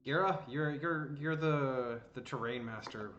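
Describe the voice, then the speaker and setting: A man playing in a tabletop game, talking casually and haltingly, repeating words as he plans. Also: medium pitch, a bit bright, slight background noise. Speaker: player. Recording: dull lo-fi mic.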